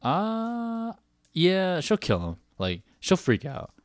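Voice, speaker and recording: Animated man telling stories, dry close mic. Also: high-pitched, takes it slowly, no room sound. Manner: animated storyteller, acts out quotes with laughs. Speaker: podcast co-host. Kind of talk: casual chat.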